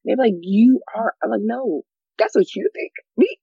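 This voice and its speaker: A young man from the United States in a casual group chat, animated and acting out the voices of people he quotes. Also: very high-pitched, normal speed, vocal fry, breathy edge, dry recording. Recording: slightly dull lo-fi sound.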